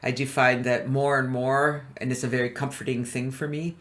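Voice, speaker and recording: Upbeat male webinar presenter, mid-pitched, chuckles and quizzes listeners. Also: flat delivery, moderate pace, a bit bright. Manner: upbeat, often asks the audience questions; chuckles between points. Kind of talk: motivational webinar talk.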